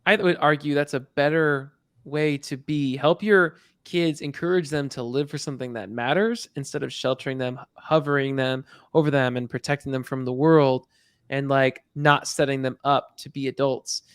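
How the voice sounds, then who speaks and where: A man co-hosting a podcast in casual chat, teasing and rambling with animated shifts. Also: mid-range voice, moderate pace, clear, resonant tone, no echo, studio quality. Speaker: podcast co-host.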